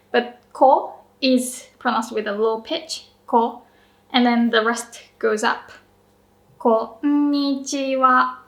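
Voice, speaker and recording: A Japanese woman teaching pronunciation in a chatty, upbeat video lesson, slowing down to demonstrate words. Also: fairly high pitch, reverberant.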